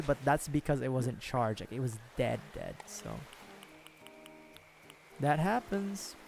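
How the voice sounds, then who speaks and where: Game music plays under a streamer whose voice is fairly high and a little mellow. He talks casually on his gaming livestream, rambling, revising his words and frequently chuckling.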